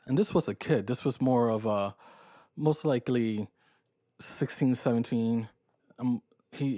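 A man hosting his own podcast, telling a story about his day in a casual, profane, animated way and acting out his own thoughts. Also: mid-range voice, no room sound, clean studio sound. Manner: profane, animated retelling with quoted inner thoughts. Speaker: podcast host.

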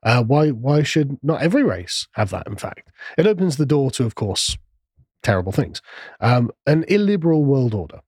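Husky dry-voiced man. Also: mid-range voice, sing-song, moderate pace, a little mellow, no room sound. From England. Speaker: podcast host. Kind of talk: casual political discussion.

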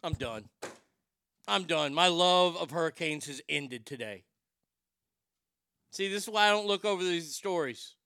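This Texan radio host fires off a profane comedic rant full of mock outrage and loud outbursts. His voice is high and clean, at normal speed with long pauses, and the recording is dry.

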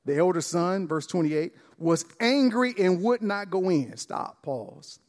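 A man pastor preaching a sermon, acting out dialogue with lively emphasis and repeated words. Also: sits high, a little slow. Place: church sanctuary. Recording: long church reverb.

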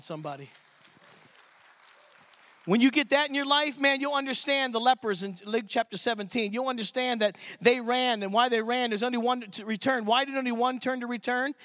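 A man from Michigan preaching at a church service, his voice strikingly high and bright. He tells stories in an animated way, acting out the people in them. The sound is close and dry. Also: no echo. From Michigan, USA. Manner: animated, acts out quotes in the story. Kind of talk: sermon with storytelling.

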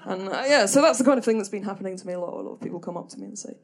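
一位说话犹豫、略带英国口音的年轻女子在台上讲单口故事. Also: female voice, medium pitch, lively intonation, racing. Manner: hesitant, rambling, full of ums and restarts; dry self-deprecating humour. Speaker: stand-up performer. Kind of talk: stand-up storytelling. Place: small comedy venue stage.

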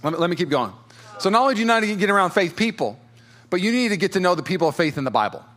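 A man's voice: high voice, big pitch swings, rapid-fire, fairly bright tone. A man in his thirties preaching a sermon as pastor, telling stories in a casual, filler-heavy way in a church. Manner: casual storytelling with many fillers. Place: church auditorium.

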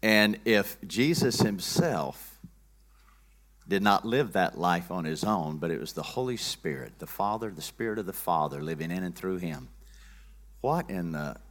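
Earnest folksy male preacher. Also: sits low. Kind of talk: sermon.

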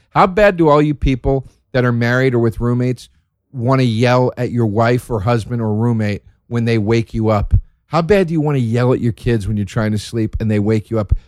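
A man doing a profane, sarcastic stand-up routine, ranting and jumping from loud high outbursts to low mutters. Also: no echo, studio quality. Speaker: stand-up comedian.

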